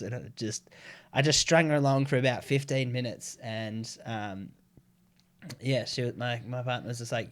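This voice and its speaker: A man chatting on a podcast. He tells stories with lots of swearing and slips into the voices of the people he describes. His voice sits at an ordinary middle pitch. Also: moderate pace. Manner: animated storyteller, swears freely, acts out quoted voices. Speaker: podcast guest. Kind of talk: casual chat.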